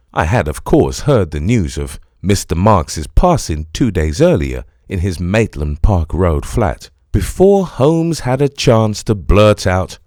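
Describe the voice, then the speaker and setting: A man giving scripted first-person audiobook narration in an expressive, storytelling manner. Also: sits low, slow, few pauses, no echo, clean studio sound.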